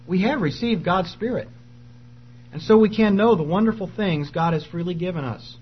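A man's voice: high voice, moderate pace, breathy edge, muffled recording. A man preaching an earnest, emphatic sermon and reading scripture aloud.

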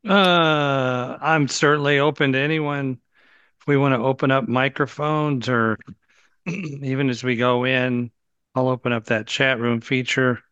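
A man's voice: mid-range voice, fairly even intonation, measured pace, a bit bright, clean tone, no room sound. Man moderating on dull, dry audio. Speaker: co-host of online Bible study. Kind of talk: casual conversational moderating.

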